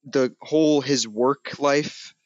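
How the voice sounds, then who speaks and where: A young man talking through a film he enjoyed, rambling and amused, leaning on "like" and "you know" as he recounts scenes. His voice sits at an ordinary middle pitch. The sound is dry and close, with no room around it. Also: steady tone, slow pace, no echo, dull audio. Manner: rambling, filler-heavy, amused retelling. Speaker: movie review podcast co-host. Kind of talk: casual chat.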